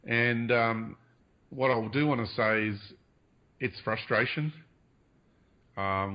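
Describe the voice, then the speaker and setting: A man speaking as a radio-show guest, talking earnestly about spiritual ideas, hedging often and pausing with fillers. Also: medium pitch, steady tone. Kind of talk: spiritual interview talk. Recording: dull lo-fi radio audio.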